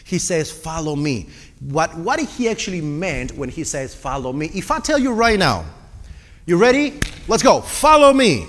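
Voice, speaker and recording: Man preaching to a congregation, earnest and direct, fairly high voice with lively swings, reverberant church hall. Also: moderate pace. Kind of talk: sermon with personal testimony.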